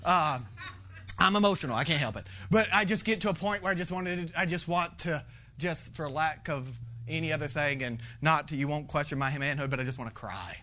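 Man, pastor, bright tone, lively storytelling sermon with frequent laughs. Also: a little high, brisk. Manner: animated, laughing, swings from loud to hushed. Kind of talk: conversational sermon.

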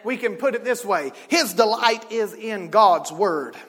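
High-voiced preacher in an echoing hall. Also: male voice, expressive, measured pace, slightly rough. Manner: swings from loud shouting to quiet, intimate talk. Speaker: pastor. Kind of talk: sermon. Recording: long reverb of a church hall.

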